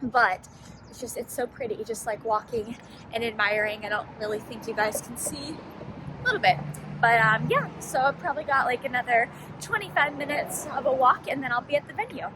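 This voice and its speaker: A woman's voice: on the high side, fairly quick, background noise. A young woman fitness coach talking casually to her camera in a chatty, upbeat vlog, with lots of fillers.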